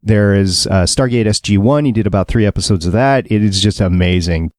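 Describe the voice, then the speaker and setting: Upbeat low-voiced podcast host man. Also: a little fast, darkish tone, no room sound, clean studio sound. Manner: upbeat, rambling, laughs easily. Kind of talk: casual podcast chat.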